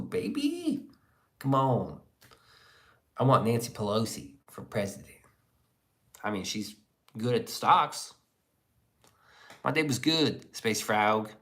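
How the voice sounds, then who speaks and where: This livestream host's voice is fairly low in pitch yet fairly bright. He chats casually, reads viewer comments, and rambles through crude, jokey banter.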